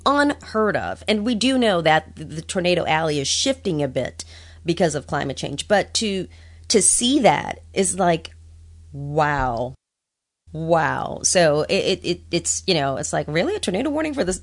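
A woman from New Orleans with a New Orleans accent, a meteorologist chatting as a podcast guest and laughing often. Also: low voice. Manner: lively, laughs often, plays up her hometown. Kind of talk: casual podcast chat.

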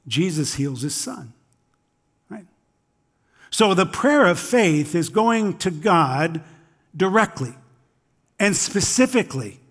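High-voiced male pastor preaching. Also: expressive, takes it slowly, pauses often, a bit bright. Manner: conversational preaching, acts out quoted voices. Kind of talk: sermon.

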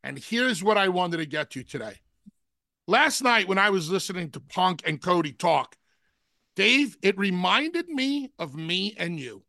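A man co-hosting a wrestling talk show, who talks deliberately and slows down to spell out his points. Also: sits high, vocal fry, sharp tone, dry recording, clean studio sound. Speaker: podcast co-host, wrestling analyst.

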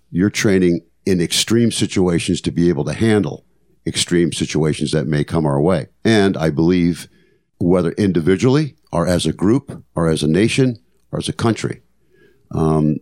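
An older man, a podcast host, shares reflective stories in an earnest, motivational style, repeating phrases for emphasis. His voice is low-pitched and darkish, at a moderate pace.

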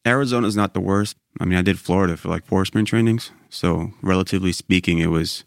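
Guest reporter, male, low voice, quick and relaxed, fillers throughout, clear dry sound. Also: no echo. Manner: relaxed, loose, lots of "you know" and "I mean". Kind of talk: casual interview chat.

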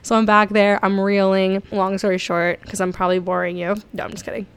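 A young woman from South Florida telling stories casually to her viewers, chatty and excitable, laughing often. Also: medium pitch, brisk, creaky, clean tone. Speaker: vlogger. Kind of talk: casual storytelling.

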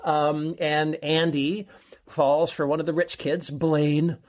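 A man's voice: on the high side, flat delivery, takes it slowly, darkish tone. A man co-hosting a movie-advice podcast, chatty and rambling as he sums up a film. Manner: chatty, rambling, with fillers and laughs. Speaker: co-host.

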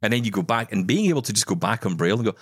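A man with a very deep voice chats casually as a podcast co-host. He tells stories and drops jokey asides. The sound is dry and close. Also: animated, very fast, dry recording. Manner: chatty, storytelling, jokey asides. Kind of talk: casual chat.

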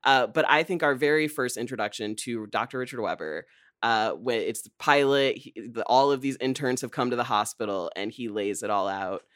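A man hosting a podcast, chatting in an enthusiastic, animated way. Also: medium pitch, a little fast, no echo, studio quality. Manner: enthusiastic, animated, laughs easily. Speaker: podcast host. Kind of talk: casual chat.

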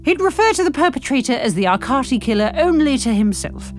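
A woman's voice: high-pitched, a little fast, faint music behind. A woman co-hosting a comedy podcast, reading a story aloud and bantering playfully. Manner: playful, expressive. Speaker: podcast co-host and reader.

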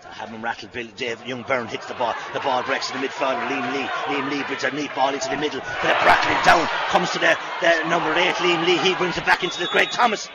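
An Irish man doing live radio commentary on a match, rapid, and shouting at the big plays. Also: mid-range voice, steady tone, heavy background noise. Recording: lo-fi radio broadcast with loud crowd. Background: loud stadium crowd.

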